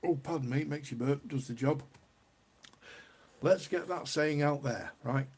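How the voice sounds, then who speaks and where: Speaking unhurriedly in a husky, darkish voice on the high side, this northern English man hosts a casual livestream. He reads viewers' comments aloud, chats with them and laughs a lot.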